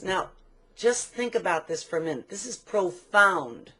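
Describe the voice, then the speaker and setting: A woman's voice: mid-range voice, animated, a bit bright. Emphatic older woman trainer. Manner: emphatic, slows down to stress key points. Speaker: business trainer. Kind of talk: motivational talk with storytelling.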